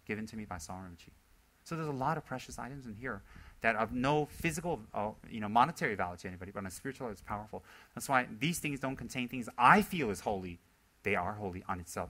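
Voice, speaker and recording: A man's voice: on the low side, fairly bright tone, poor audio. A man teaching Buddhism in a loose, conversational talk, repeating words for emphasis and acting out the people he quotes. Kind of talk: informal dharma talk.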